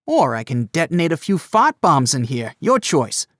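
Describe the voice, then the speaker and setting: Teen boy voiced by a man, teasing, boisterous, audiobook, lively pitch, dry close sound. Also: normal speed, no room sound. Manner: needling, playful. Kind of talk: audiobook character voice.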